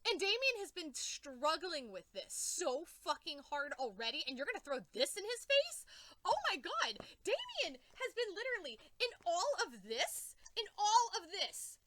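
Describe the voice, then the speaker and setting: A woman's voice: very high voice, very animated, moderate pace, pushed and bright, no echo. A young woman reacting to comics in an emotional rant, exclaiming, swearing and repeating herself. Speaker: comic book reviewer.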